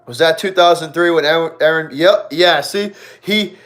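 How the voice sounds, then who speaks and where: A man's voice: a little high, normal speed, a bit bright. A young man hosting a live Q&A stream, chatting casually with viewers, repeating himself often and laughing a lot. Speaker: livestream host.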